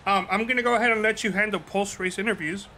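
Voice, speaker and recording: A man giving color commentary on a sim race broadcast, relaxed with dry asides. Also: sits high, quick pace, soft background music.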